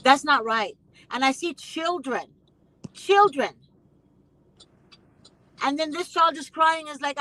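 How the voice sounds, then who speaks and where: A woman's voice: high voice, normal speed, pauses often, pushed and bright, dry recording, low-quality recording. A woman hosting a casual conversation, speaking emphatically and repeating phrases with indignation. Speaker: host.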